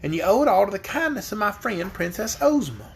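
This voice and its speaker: A man's voice: high voice, very animated, fairly quick, vocal fry, slightly rough, exaggerated voice. Man voicing an eager young girl princess. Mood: reassuring. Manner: earnest, reassuring.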